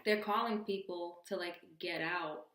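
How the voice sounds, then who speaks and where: A young woman vlogger recounts a wild story in a casual, slang-filled voice. She sets her lines low and throws in jokey asides. The room around her rings with a roomy echo. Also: fairly even intonation, measured pace, a bit bright.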